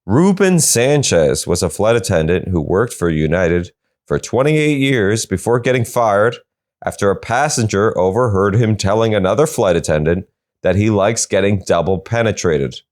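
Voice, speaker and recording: A man's voice: on the low side, expressive, normal speed. A man hosting a comedy podcast, reading odd news stories and cutting in with sarcastic quips. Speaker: podcast host.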